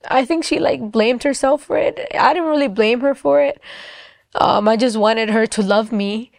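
A young adult woman gives a personal faith testimony in an earnest, halting way, with frequent fillers and restarts. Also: fairly high pitch, vocal fry, no echo, studio quality.

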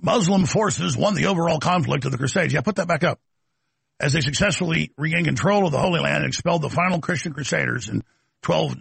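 A man's voice: fairly high pitch, gravelly, a bit bright, slightly rough, no room sound. A man hosting a talk show, delivering an aggressive, mocking rant. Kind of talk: combative talk show monologue.

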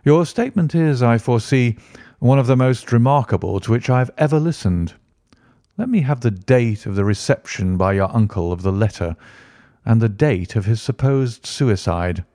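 A man voicing a sharp, composed male detective who speaks in a measured, formal way. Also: medium pitch, lively intonation, no echo, clean studio sound, pitched below the performer's own voice, close to an everyday voice. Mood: attentive.

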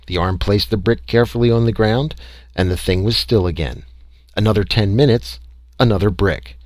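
A man narrating a first-person story aloud in a measured, conversational way. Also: on the low side, a little mellow, no room sound. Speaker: audiobook reader.

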